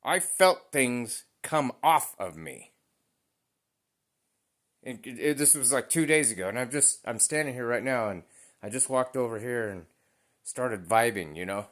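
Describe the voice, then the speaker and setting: A man's voice: medium pitch, expressive, unhurried, a bit bright. Blunt, profane man ranting to camera. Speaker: vlogger.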